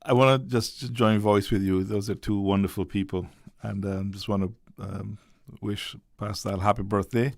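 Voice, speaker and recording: A Caymanian man talks as a radio studio guest in an easygoing, slightly hesitant way. His low voice barely rises or falls. The studio sound is close and dry. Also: steady tone, moderate pace, creaky, few pauses, no room sound. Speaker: member of parliament, studio guest. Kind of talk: casual radio talk. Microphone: studio microphone.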